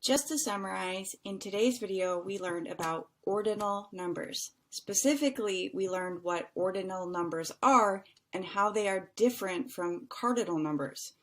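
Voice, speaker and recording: A young adult woman teaching an online English lesson, explaining slowly and carefully and stretching out example words so learners can hear them. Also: mid-range voice.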